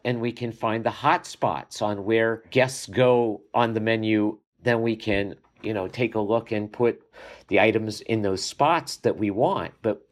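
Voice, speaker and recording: Brief: older male consultant, mid-pitched, upbeat and confident interview talk. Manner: upbeat, brisk explanations, listing things off. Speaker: menu consultant. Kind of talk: interview answers.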